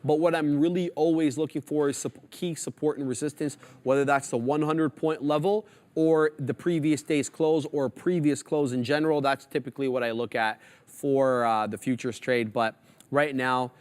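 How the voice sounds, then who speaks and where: A man co-hosting a live trading show, talking through charts in a relaxed, hesitant way with many fillers. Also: medium pitch. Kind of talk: live market commentary.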